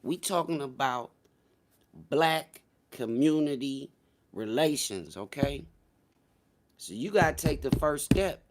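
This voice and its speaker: Loud joking man hosting a livestream. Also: mid-range voice, expressive, slow, long pauses, a little hiss or hum. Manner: loud, joking and profane, swinging between shouts and mutters. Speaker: livestream host. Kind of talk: casual livestream chat.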